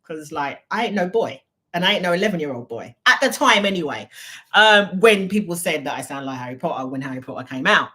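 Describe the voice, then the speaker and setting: A woman's voice: lowish voice, lively intonation, brisk, pushed and bright. A woman with an English accent, from the UK, hosting an unscripted live Q&A in a chatty, rambling way and reading viewer comments aloud. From United Kingdom. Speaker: live-stream host.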